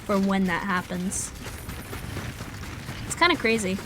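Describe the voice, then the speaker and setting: A woman's voice: mid-range voice, expressive, measured pace, noisy background. A woman in her twenties, a streamer, telling a story in a rambling, casual way, swearing freely and laughing at herself. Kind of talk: casual storytelling while gaming.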